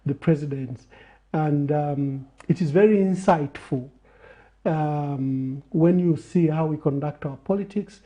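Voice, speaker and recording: A man on a TV interview show who speaks in a measured way, building his points through repeated phrases. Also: a little high, warm tone. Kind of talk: reflective talk in a TV interview.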